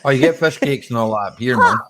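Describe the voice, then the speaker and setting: A man's voice: medium pitch, fast talker. A Scottish man with a mid-range voice chats loosely on a video call. He is laid-back and friendly in his wording. A faint hiss sits under his voice. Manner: relaxed, says "aye" and "man" a lot. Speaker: channel host. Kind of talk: casual chat.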